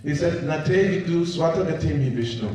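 A man's voice: a little high, animated, moderate pace, mellow. A man preaching, retelling a scripture story and checking in with his listeners. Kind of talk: sermon storytelling. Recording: very echoey hall, distant mic.

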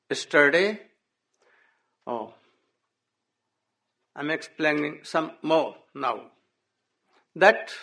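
Slow gravelly storyteller man. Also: on the high side, sharp tone. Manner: halting English with frequent "oh" and "hmm?". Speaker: religious storyteller. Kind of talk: devotional storytelling discourse.

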